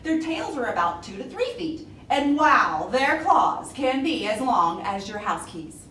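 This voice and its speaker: A woman presenting a children's library program, animated and gasping with exaggerated delight. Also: high voice, a little slow. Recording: roomy echo, distant mic, faint hiss.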